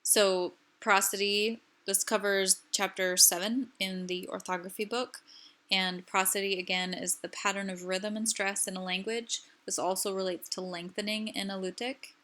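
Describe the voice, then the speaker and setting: Woman, recorded lecture, bright voice, patient step-by-step delivery, desk mic. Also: mid-range voice, fairly even intonation, normal speed. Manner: clear, patient explanatory delivery. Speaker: language teacher presenting.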